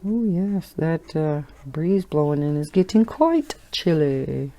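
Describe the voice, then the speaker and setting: A woman's voice: sits low, lively intonation, takes it slowly, mellow, dull audio. A middle-aged woman with a Wisconsin accent, chatting casually and rambling while she colors, laughing now and then. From Wisconsin, USA. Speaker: coloring channel host.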